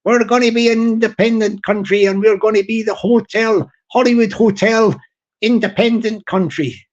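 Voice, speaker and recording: A boisterous Irish party chairman, as a man puts him on, rallies a crowd with a put-on Irish accent, repeating his lines loudly. The audio is slightly muffled and lo-fi. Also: sits high, fairly even intonation, moderate pace, close to an everyday voice. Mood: rousing. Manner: loud, repetitive speechmaking.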